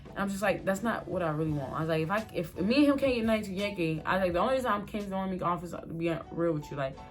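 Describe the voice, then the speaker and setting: A young woman vlogger telling a casual storytime, animated and full of fillers, quoting herself and others as she goes. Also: lowish voice, very fast, soft background music. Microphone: phone or camera mic.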